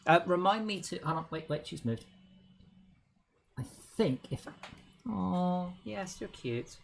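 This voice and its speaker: A man's voice: sits high, expressive, takes it slowly, vocal fry, slight background noise. A young man, a game developer, chatting casually on a livestream while he works, thinking aloud and often trailing off mid-sentence. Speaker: game developer streaming his work.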